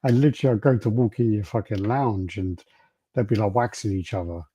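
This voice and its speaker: A man co-hosting a podcast in halting, sweary casual chat. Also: fairly low pitch, dark tone. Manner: rambling, halting, swears, laughs often. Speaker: podcast co-host.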